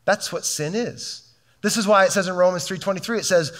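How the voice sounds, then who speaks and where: A man's voice: high voice, normal speed, fairly bright tone. A middle-aged man preaching a sermon as a pastor, fervent and conversational, often restarting his sentences.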